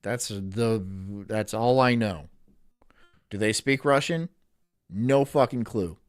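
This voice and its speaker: A man's voice: mid-range voice, takes it slowly, dry recording, studio quality. A man live streaming, rambling crudely with frequent swearing and laughter. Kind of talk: casual live-stream chat.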